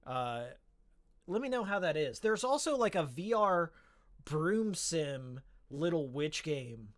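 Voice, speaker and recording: A man's voice: on the high side, big pitch swings, takes it slowly. A man streaming live and chatting casually about games with his viewers, rambling with many fillers, restarts and repeated words. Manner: chats with viewers reading the chat.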